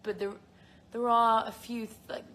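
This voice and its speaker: With a voice on the high side, a bit bright and flat in delivery, she talks at normal speed over slight background noise. She's a young British woman hosting a live stream from her phone, answering viewers in a rambling, casual way full of fillers and giggles.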